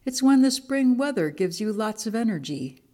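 A woman voicing a calm, sensible water buffalo in a storybook, patiently explaining. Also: a little high, moderate pace, voice pushed up, natural voice.

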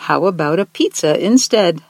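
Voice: medium pitch, expressive, moderate pace, no room sound, clean studio sound. A reader voicing a small, brave young male owl knight in a storybook, speaking politely and earnestly. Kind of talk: storybook read-aloud.

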